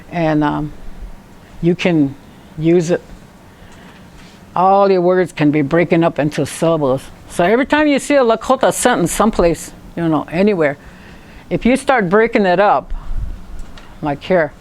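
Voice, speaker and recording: A woman's voice: on the low side, a little mellow. Chatty woman teaching a class. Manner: laughs often while telling stories; spells out syllables slowly. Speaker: language teacher.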